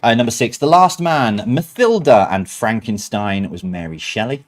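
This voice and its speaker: Chatty quiz host reading answers. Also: male voice, mid-range voice, lively intonation, moderate pace. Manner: chatty, self-mocking asides between answers.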